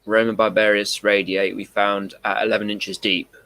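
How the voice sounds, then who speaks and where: A man's voice: fairly low pitch, little pitch movement, normal speed, gravelly, sharp tone. A man co-hosting a casual live stream, reading out emails in a dry, teasing, matter-of-fact way. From England. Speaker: co-host.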